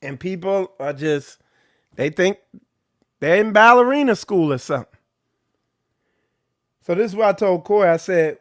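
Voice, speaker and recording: A man's voice: sits high, lively intonation, moderate pace, pauses often, fairly bright tone, dry recording, studio quality. A man leading an informal ministry talk, preaching bluntly and with animation. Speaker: ministry leader. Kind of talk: informal sermon.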